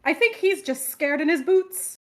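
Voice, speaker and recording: A woman's voice: high-pitched, lively intonation, moderate pace. A woman player in a tabletop game, speaking in character with playful charm.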